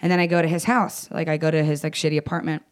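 A young woman telling a personal story in casual conversation, blunt and swearing, acting out quoted lines with jumps in pitch. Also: flat delivery, very fast. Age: young adult. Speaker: guest.

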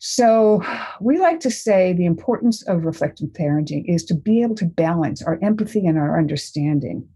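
A woman's voice: lowish voice, mellow, slightly rough. An older woman, a parenting expert, answering interview questions and telling a family story, acting out the voices she quotes.

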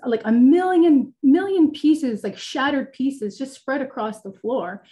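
A woman with a fairly high voice tells her personal faith story on a webinar. She speaks earnestly and candidly, with many fillers, over a video call. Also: dark tone. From Italian heritage. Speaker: guest sharing her testimony.

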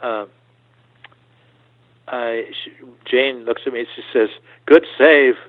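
An older man telling stories as an interview guest, halting often and repeating words as he goes. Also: medium pitch, level tone. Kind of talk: storytelling interview. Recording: tinny phone-like line.

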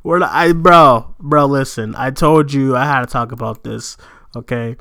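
Animated ranting man, bright clear voice. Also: mid-range voice, moderate pace. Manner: animated, swearing, laughing often. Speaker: podcast co-host. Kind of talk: casual ranting chat. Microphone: remote recording setup.

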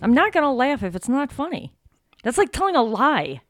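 A woman's voice: high voice, very animated, brisk, no echo. A woman co-hosting a casual podcast with her husband, playfully contrary and dry. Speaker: podcast co-host. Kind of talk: casual banter between spouses.

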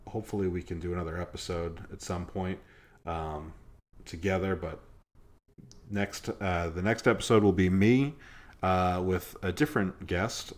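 A man with a low, deep voice hosts a laid-back podcast conversation. He rambles along, full of fillers and false starts. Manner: rambling, many fillers and restarts. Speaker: podcast host. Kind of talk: casual chat.

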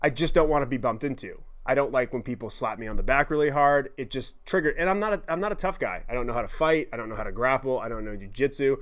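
A man telling a story in a podcast monologue, animated, profane and self-deprecating. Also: medium pitch, fast talker, few pauses. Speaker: podcast host.

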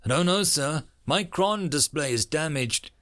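A man's voice: fairly high pitch, expressive, unhurried, fairly bright tone. Man doing a tense young armored soldier. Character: young wounded male soldier in power armor.

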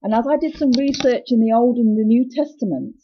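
A woman giving an informal devotional talk about faith, hesitant with many ums, slowing down to stress scripture. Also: on the high side, highs cut off, slight background noise. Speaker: Christian speaker sharing a devotional message.

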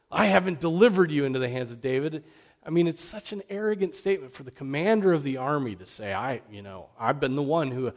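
Male preacher, earnest emphatic sermon delivery, voice a bit high. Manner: earnest, emphatic, repeats "right?".

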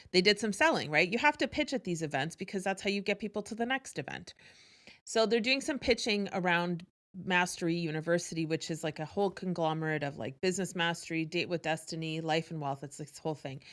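A woman with a fairly low voice talks to her audience in a candid, casual way. She is energetic and swears freely as she tells a personal story. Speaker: host.

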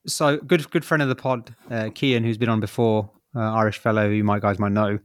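A man's voice: lowish voice, steady tone, brisk, dry recording. Chatty guy hosting a footy podcast, jokey and laughing a lot, dead dry sound. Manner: laughs often, loose and joking. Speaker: podcast host. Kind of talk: casual chat.

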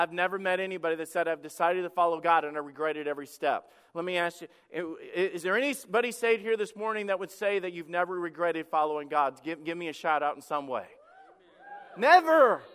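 A man preaches a sermon in a church, with a high, bright, clean-edged voice. He shifts between hushed, intimate stretches and loud, fervent bursts. Long reverb from the hall trails behind every phrase. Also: smooth. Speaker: pastor. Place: church sanctuary.

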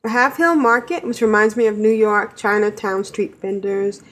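A woman's voice: medium pitch, steady tone, normal speed, a bit bright. A woman co-hosting a gaming podcast, cheerfully reading a listener's email aloud and laughing between lines. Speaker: podcast co-host.

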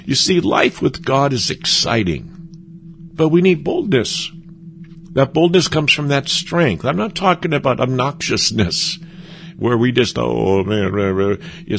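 In a creaky, medium-pitched voice, a man preaches an earnest sermon in a conversational style. He halts often, stumbling and starting sentences over, and the recording carries a little hiss or hum.

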